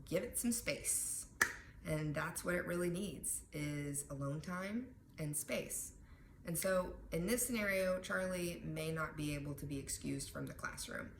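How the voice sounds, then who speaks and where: A woman wellness educator teaching a lesson on calming techniques in a conversational way, often checking in with "right?". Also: deep voice. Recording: echoey room with background noise.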